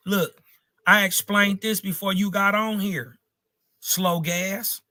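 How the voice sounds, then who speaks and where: Combative male stream host, high bright voice, slangy, interrupts a lot, dry close sound. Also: fairly even intonation, slow pace, dry recording. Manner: slangy, combative, talks over others. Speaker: livestream host. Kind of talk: heated live debate.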